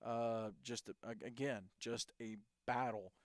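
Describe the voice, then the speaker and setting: A man hosts a casual high school football talk show, his voice smooth and resonant at an ordinary middle pitch. He rambles through game recaps and reels off player stats. The sound is close and dry. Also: little pitch movement, measured pace, dry recording. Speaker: host.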